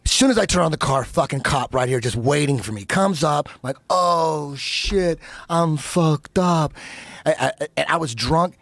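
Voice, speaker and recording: A man in casual podcast chat, telling a story with lots of swearing, his voice jumping up when he gets excited. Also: quick pace, creaky, hardly any pauses, no echo. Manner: animated storyteller, voice rising high when excited, laughing, swearing.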